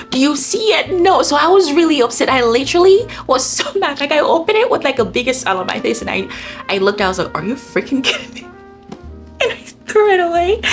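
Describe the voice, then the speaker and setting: A young woman in casual vlog chat, animated and gushing. Her slightly high voice dips into low, confiding murmurs and then leaps up in excited bursts. Soft music plays faintly underneath. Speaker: vlogger.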